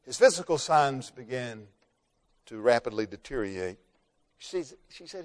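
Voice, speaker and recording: A man preaching a sermon through a story, rising to loud emphasis and dropping to hushed tones, slowing down on key words. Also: medium pitch, very animated. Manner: dramatic, swings between loud emphasis and hushed near-whispers, slows for key words.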